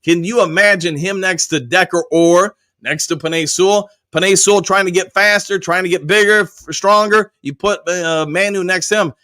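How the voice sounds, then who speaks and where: A man's voice: high voice, normal speed, few pauses, sharp tone, no echo. A man hosting a live sports podcast, talking casually and reading viewer comments aloud before answering them. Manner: loose and conversational, with frequent restarts and fillers. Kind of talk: live-stream sports chat.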